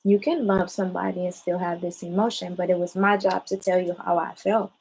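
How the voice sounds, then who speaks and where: A mother calmly questioning her child about a mistake, patient and measured while she holds back tears. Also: fairly low pitch, vocal fry, a little hiss or hum, low-quality recording. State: close to tears, holding back. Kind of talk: parent talking a child through a mistake.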